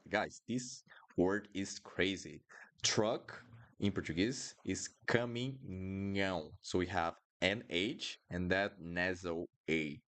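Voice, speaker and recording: A man's voice: low voice, a bit bright. A man teaching pronunciation in a live lesson, repeating each word several times for students to copy. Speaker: Portuguese teacher. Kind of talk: live online language lesson.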